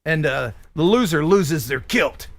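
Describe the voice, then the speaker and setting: A man's voice: fairly high pitch, animated, a little slow. A man from the USA hosting a live stream in casual chat, playful and joking, laughing often.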